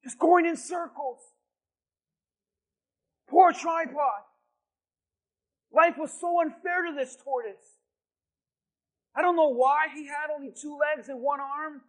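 A man from Hialeah, Florida, preaching in church and telling an animated story. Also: very high voice, slow, pauses often, low-quality recording. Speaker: pastor. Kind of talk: sermon storytelling.

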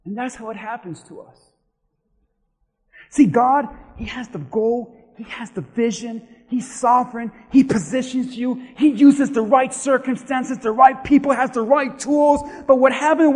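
A man, a pastor, preaching a sermon and telling a story in an animated way, dropping to a hush and rising to shouts. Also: extremely high pitch, a little slow, big-room sound. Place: church sanctuary.

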